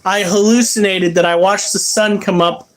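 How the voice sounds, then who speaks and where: A woman's voice: medium pitch, fairly even intonation, moderate pace. A woman hosting a pet video, telling crude, laughing stories in casual chat. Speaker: pet channel host.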